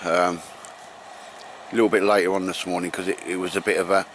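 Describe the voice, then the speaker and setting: A man's voice: sits low, little pitch movement, a little fast, background noise. A man with an Essex accent chatting to camera in the woods, rambling and matey, calling everyone mate. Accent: Essex English. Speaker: bushcraft vlogger. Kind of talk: casual chat to camera. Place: outdoors in woodland.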